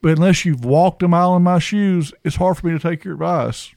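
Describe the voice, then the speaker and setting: A man's voice: fairly high pitch, brisk, vocal fry, darkish tone, no echo, clean studio sound. A man in recovery talking casually on a podcast, rambling and self-deprecating, filling his stories with "you know". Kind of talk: casual conversation.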